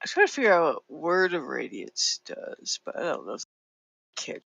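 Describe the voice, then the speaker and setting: Woman, tabletop player, excitable, giggly, bright tone, very lively pitch. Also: normal speed, creaky, dry recording. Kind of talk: casual game chat.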